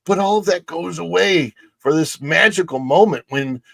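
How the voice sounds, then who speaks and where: A man co-hosting a talk show, telling a story in an animated, enthusiastic way, with his voice jumping higher when he gets excited. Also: moderate pace, vocal fry, no room sound. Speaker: co-host. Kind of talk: casual storytelling chat.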